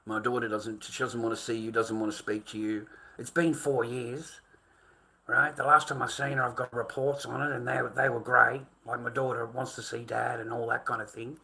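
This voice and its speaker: A man's voice: mid-range voice, flat delivery, moderate pace, vocal fry, bright, forceful tone. A middle-aged Australian man ranting to his livestream chat, swearing constantly and calling viewers mate and boys.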